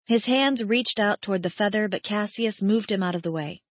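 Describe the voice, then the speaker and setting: A woman narrating a romance audiobook in the first person, emotive and measured. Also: mid-range voice, no room sound.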